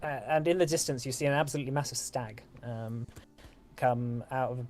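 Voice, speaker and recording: A man's voice: medium pitch, brisk, a little mellow. A man narrating a tabletop game as game master, describing scenes hesitantly with many fillers.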